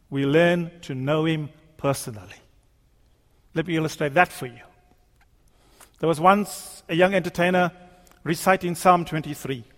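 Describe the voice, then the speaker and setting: A male preacher delivering a sermon in a church, using rhetorical repetition and emphatic pauses. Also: sits high, fairly bright tone. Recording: long hall reverb.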